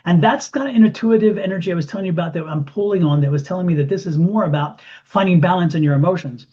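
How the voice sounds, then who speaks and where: Animated high-voiced man reading tarot. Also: fast talker, slightly rough. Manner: animated, repeats phrases for emphasis. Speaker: tarot reader. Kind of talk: intuitive tarot reading to camera. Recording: dull lo-fi sound.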